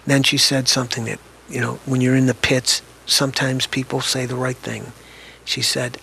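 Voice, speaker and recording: An older man, an author, reminisces about his past during an interview, speaking in a conversational, reflective way and often restarting his sentences. His medium-pitched voice is gravelly, pushed and bright, with a flat delivery at a moderate pace. There's slight background noise.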